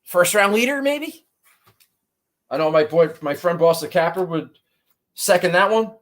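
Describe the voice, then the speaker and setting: High-voiced profane golf-picks man. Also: lively intonation, a little slow, a bit bright. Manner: profane, rambling, self-mocking. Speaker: golf betting podcast host. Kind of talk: casual chat.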